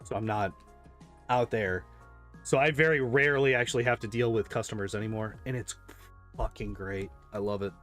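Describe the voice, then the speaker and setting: A man's voice: fairly low pitch, normal speed, a bit bright, faint music behind. A man chatting casually and rambling while playing a game, swearing freely and laughing often. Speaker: gaming streamer.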